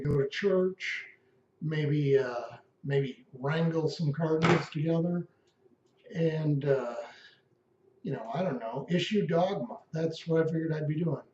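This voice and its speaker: A man voicing a weary, very old male pope who is fed up and rambles haltingly with fillers. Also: a little high, warm tone, far from the mic, a little hiss or hum, close to an everyday voice. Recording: echoey room, dull lo-fi sound.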